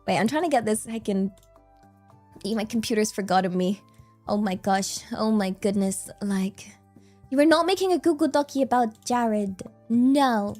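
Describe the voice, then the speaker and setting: A woman's voice: a little high, unhurried, mellow, faint music behind. A bubbly, giggly woman from the United States chatting casually as a live streamer from home on a good microphone, dropping in Japanese words. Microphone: good desk microphone.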